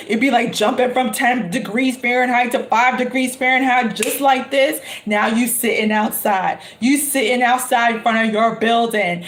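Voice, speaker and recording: A tarot reader tells an animated, dramatic story and stretches out her exclamations. Her voice sits a little high. The room carries a noticeable echo.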